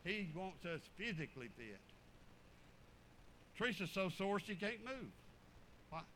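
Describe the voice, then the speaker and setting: A man preaching, telling folksy stories in an animated, drawling way. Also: high-pitched, a little slow, a little hiss or hum, rough recording. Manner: animated, drawling storyteller with chuckles. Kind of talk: folksy sermon storytelling.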